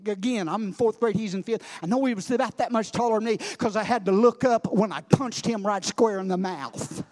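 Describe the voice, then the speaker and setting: A high-voiced male preacher delivers a sermon. He drops into hushed storytelling, then climbs to loud, shouted climaxes, repeating phrases for weight. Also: brisk.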